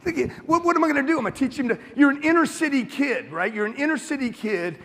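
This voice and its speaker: Speaking fast in a very high-pitched, animated, slightly bright voice, an American motivational speaker addresses a live audience in a large hall. He's blunt and profane, rousing the crowd with questions, and the recording has a long large-hall reverb.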